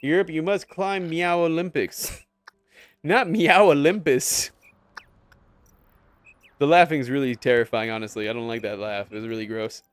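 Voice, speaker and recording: A man's voice: mid-range voice, fairly even intonation, brisk, clean tone, dry recording. A young man live-streaming a game, chatting with viewers in a joking, sarcastic way and swearing casually.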